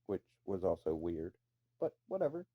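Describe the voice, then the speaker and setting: A man's voice: deep voice, very animated, moderate pace, slightly rough. A man telling a rambling personal story in a casual way. He swears freely and adds incredulous asides. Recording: dull lo-fi recording.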